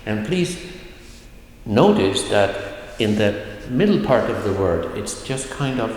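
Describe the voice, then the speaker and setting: A man teaching a recorded language lesson, explaining slowly and carefully and drawing out his model words. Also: on the low side, expressive, very echoey, long reverb tail, slight background noise, rough recording.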